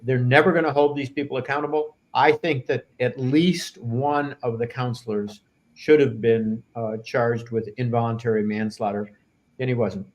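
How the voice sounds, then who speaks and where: A man's voice: medium pitch, fairly even intonation, moderate pace. A man on a panel discussion, talking bluntly and indignantly about officials he feels escaped accountability. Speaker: attorney and panelist.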